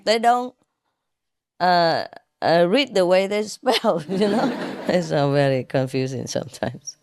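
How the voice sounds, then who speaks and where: A woman telling jokes in a casual way. She laughs often at her own jokes, explains the punchlines, and pauses with hesitant fillers. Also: lowish voice, animated, a little mellow, no room sound.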